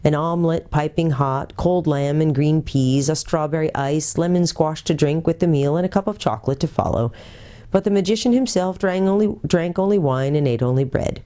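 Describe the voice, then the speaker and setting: A woman pastor reading a children's book aloud in a clear, steady storytelling manner. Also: low voice, normal speed.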